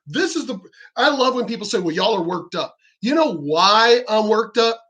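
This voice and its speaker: Angry vlogger, profane, sarcastic, mid pitch. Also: a bit bright. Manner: profane, heated, sarcastic, mocks opponents in quoted voices. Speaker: political vlogger. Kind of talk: angry ranting commentary.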